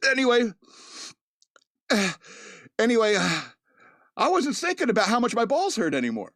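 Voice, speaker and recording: A man's voice: high-pitched, huge pitch swings, normal speed, pauses often, fairly bright tone, dry recording, studio quality. A man giving a casual, rambling movie review. He laughs often and acts out the characters' lines.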